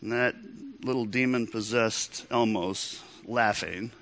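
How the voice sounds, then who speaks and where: A man, a pastor, giving a sermon and telling a personal story in an animated, humorous way. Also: lowish voice, takes it slowly.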